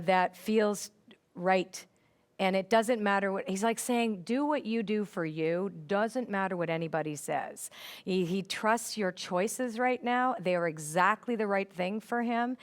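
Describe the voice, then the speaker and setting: A woman psychic medium doing a live reading in a studio, animated and quick to repeat what she hears. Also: mid-range voice. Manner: animated, repeats spirit messages, laughs often.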